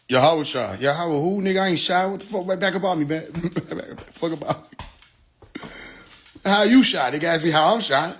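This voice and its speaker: A man hosting a casual livestream, joking and laughing often, swearing freely, and swinging between loud outbursts and quiet mutters into his phone. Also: high-pitched, normal speed. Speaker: livestream host.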